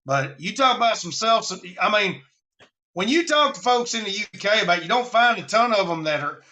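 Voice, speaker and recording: A man's voice: sits high, expressive, brisk, pushed and bright. A man from Alabama with a Southern accent, hosting a casual live stream about preparedness in a folksy, rambling way.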